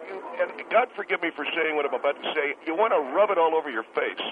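A man voicing a bitter restaurant-owner caller in a comedic radio call-in bit, who talks in indignant, stammering rushes and repeats himself. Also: a little high, animated, a crowd in the background, natural voice. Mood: rambling. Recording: noisy tinny phone line.

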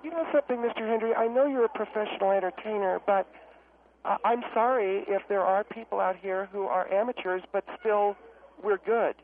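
A man's voice: sits high, fairly quick, a little hiss or hum. A man voicing a pushy, chattering amateur entertainer who calls in and talks over the host. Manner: insistent, chattering, defensive. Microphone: telephone. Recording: tinny phone line.

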